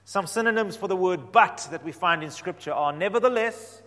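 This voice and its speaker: A man preaching a sermon, animated, swinging from quiet explanation to loud emphatic points. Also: sits high, normal speed, hardly any pauses. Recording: reverberant hall.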